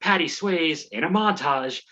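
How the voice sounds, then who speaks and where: A man tells a movie plot as a comedy bit. He rambles and swears, stumbles through restarts and mocks himself. His voice is bright and forceful, and the audio sounds dull and lo-fi. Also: fairly high pitch, expressive, a little slow, a little hiss or hum. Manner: rambling, profane, self-mocking storytelling with stumbling restarts. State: out of breath. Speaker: comedy podcast host. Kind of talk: comic movie recap.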